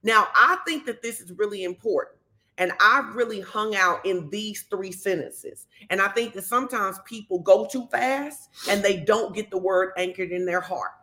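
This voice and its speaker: A woman pastor, giving a conversational sermon and telling stories lively, acting out the quotes. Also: medium pitch, normal speed. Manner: animated storytelling, acts out quotes.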